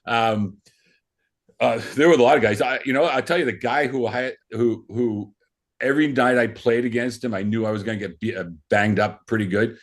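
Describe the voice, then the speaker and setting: A man's voice: mid-range voice, normal speed. A middle-aged man telling stories as a podcast guest, rambling casually with lots of restarts and fillers. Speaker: podcast guest, former hockey player. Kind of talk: casual storytelling.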